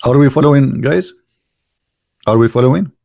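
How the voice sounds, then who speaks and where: A man's voice: mid-range voice, normal speed, vocal fry, darkish tone, no room sound, studio quality. A man speaking English as a second language, mocking a religious text in sarcastic, incredulous commentary. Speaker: online religion critic.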